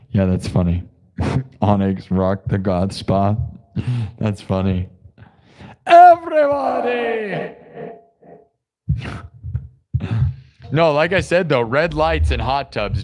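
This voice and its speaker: A man hosting a music livestream, rambling and joking casually with his chat. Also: medium pitch. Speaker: livestream host.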